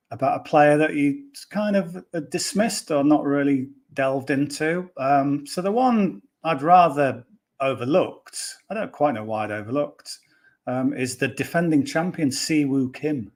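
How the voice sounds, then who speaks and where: A man chatting casually as a podcast pundit. He rambles along with lots of ums and restarts, and his voice sits at an ordinary middle pitch. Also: normal speed. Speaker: golf betting pundit.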